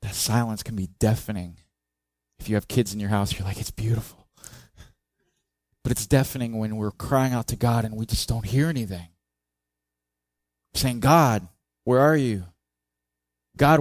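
A man's voice: fairly low pitch, no room sound. A male pastor preaching a sermon in a conversational way, asking the congregation questions and acting out cries in a raised voice. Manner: expressive, acts out the psalmist's cries with raised voice.

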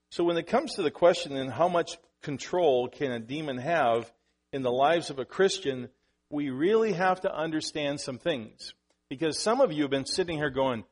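A male pastor preaching a sermon in a conversational way, who restarts sentences, makes asides to the congregation and grows louder and higher on the points he stresses. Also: breathy edge.

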